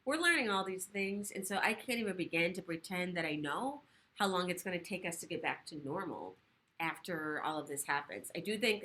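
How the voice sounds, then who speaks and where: A woman sexual health educator talks fast and with plenty of energy during a laid-back livestream from her living room, dropping casual swear words. Her voice is on the low side, and there's a slight hiss or hum in the audio.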